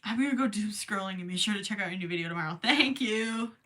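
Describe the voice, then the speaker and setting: A young Minnesotan livestream host crochets while chatting, giggling, and reading viewer comments aloud in a quick, mid-range, slightly bright voice. It's late at night, she's tired, and she worries about losing her voice.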